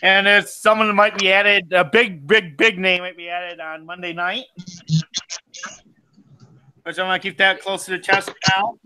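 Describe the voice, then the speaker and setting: High, bright-voiced man hosting a stream. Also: little pitch movement, moderate pace, long pauses, clean tone, rough recording. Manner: laughs often, loose and rambling. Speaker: host of a fishing and outdoors live stream. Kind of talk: casual live-stream chat.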